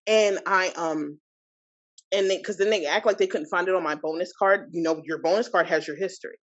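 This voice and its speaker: A woman's voice: on the low side, lo-fi sound. Woman in her thirties telling her story. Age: 30s. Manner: animated, indignant retelling with many asides. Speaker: podcast guest. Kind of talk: personal storytelling.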